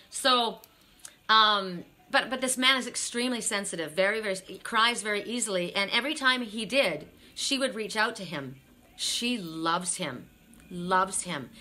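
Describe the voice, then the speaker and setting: A woman's voice: medium pitch, sharp tone. A woman telling a story from a psychic reading in a rambling, blunt way, swearing freely. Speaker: psychic reader. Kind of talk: casual spiritual storytelling.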